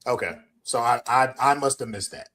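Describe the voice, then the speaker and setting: A man co-hosting a wrestling podcast, blunt and animated, breaking into quick impressions as he rants. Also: medium pitch. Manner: blunt, animated, mimics wrestlers mid-rant. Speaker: podcast co-host. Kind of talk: casual wrestling chat.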